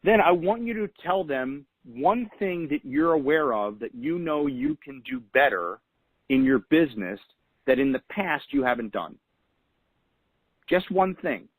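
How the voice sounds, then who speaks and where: A man's voice: on the high side, very animated, unhurried, vocal fry, breathy edge, dry recording, low-quality recording. A man hosting a weekly call, giving motivational coaching in an earnest way and repeating key phrases for emphasis. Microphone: phone call.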